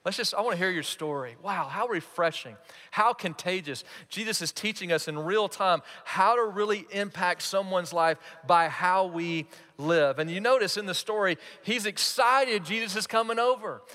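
A man preaching a sermon as pastor, animated and playing out quoted voices. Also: sits high, normal speed. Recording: reverberant hall.

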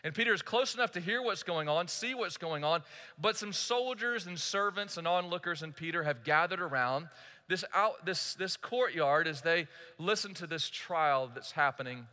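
A man's voice: fairly high pitch, animated, normal speed, sharp tone. A male pastor preaching a sermon, telling a story earnestly and speaking directly to the congregation. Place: church sanctuary. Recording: echoey church hall.

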